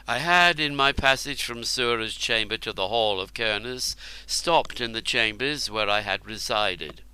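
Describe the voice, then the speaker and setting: A man narrating an audiobook in the first person, in a slow, measured and deliberate storytelling manner. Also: mid-range voice, sharp tone, smooth, dry recording, poor audio.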